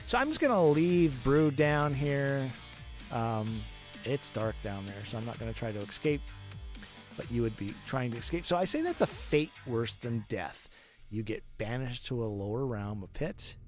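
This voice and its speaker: A man at mid pitch casually walks through his game as he plays, thinking aloud and correcting himself. Music plays clearly behind his voice the whole time. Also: lively intonation, moderate pace. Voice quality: chatty, thinking aloud with restarts. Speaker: game developer streaming his game. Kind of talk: casual gameplay commentary.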